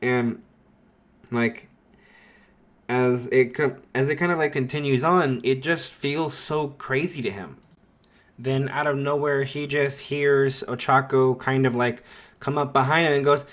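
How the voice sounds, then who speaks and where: A man's voice: medium pitch, steady tone, normal speed, fairly bright tone. A man narrating a fan story in a rambling, casual way, full of filler likes.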